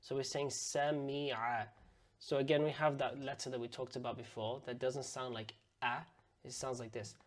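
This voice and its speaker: A man teaching word-by-word pronunciation, patiently sounding out words slowly and repeating them for learners. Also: medium pitch, fairly even intonation. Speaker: Arabic and Quran teacher. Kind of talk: pronunciation lesson.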